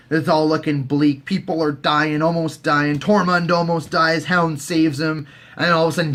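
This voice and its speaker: A man casually recapping a TV season in a rambling, profane way, often jumping into squeaky put-on voices for the characters. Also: fairly bright tone. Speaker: host.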